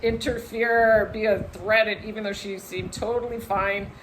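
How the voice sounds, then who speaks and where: A woman vlogger telling a personal story to camera in a casual, animated way, full of "like" and acted-out voices. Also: medium pitch, normal speed, slight background noise, low-quality recording. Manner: animated, lots of "like", acts out voices in her story.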